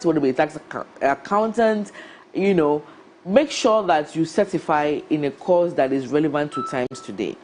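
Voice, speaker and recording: A woman's voice: low-pitched, a little mellow, slight background noise. A woman with a Ghanaian accent, an HR professional giving career advice in an emphatic, advising way with rhetorical questions. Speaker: HR professional guest.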